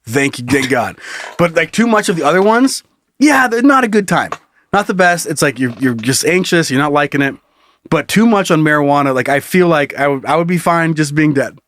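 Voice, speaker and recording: A man's voice: on the high side, expressive, fairly quick, a bit bright. A man co-hosting a podcast who reads out a listener's story in casual chat, breaking into laughter as he goes. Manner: laughs often while reading. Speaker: podcast co-host.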